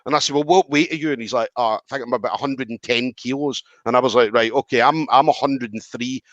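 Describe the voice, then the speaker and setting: Male podcast host, lively storyteller, acts out quotes, dry and slightly dull audio. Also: mid-range voice, fast, no room sound. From Scotland. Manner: animated, acts out quoted lines, swears freely. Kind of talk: casual storytelling chat.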